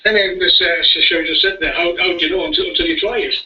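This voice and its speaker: A man's voice: high voice, fairly even intonation, fast talker, slight background noise. Rambling man on dull radio. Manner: rambling, repeats words, chuckles. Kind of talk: casual chat. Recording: dull distant radio audio.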